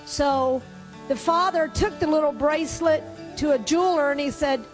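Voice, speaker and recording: A woman with a high, bright voice preaches a sermon. She moves from a storytelling pace to fervent, questioning appeals to the congregation. Soft music plays low behind her. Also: a little fast.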